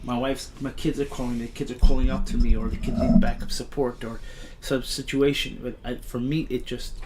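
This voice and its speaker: A man's voice: mid-range voice, flat delivery, a little fast, noisy background. A middle-aged father chatting as a podcast guest, telling stories in a rambling way with many restarts. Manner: rambling storyteller, frequent restarts. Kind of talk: casual chat.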